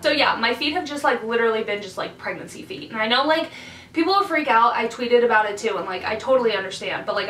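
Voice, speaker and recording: Chatty bright-voiced young woman vlogging. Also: fairly high pitch, roomy sound, distant mic, poor audio. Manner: chatty, lots of "like", animated asides. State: pregnant. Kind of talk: casual pregnancy update vlog. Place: hot room indoors.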